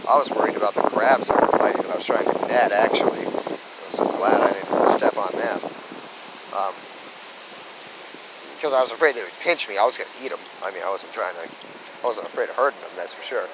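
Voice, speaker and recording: A man's voice: fairly low pitch, a little fast, background noise. A man telling casual stories in a rambling way, with lots of "you know" and restarts. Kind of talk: casual storytelling monologue.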